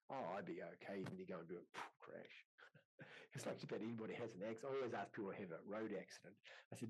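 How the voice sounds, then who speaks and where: A man's voice: fairly low pitch, a little mellow, slightly rough, low-quality recording. A man, a qigong teacher in a casual online group chat, rambling and acting out inner dialogue over a video call. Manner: rambling, repeats words, acts out inner dialogue.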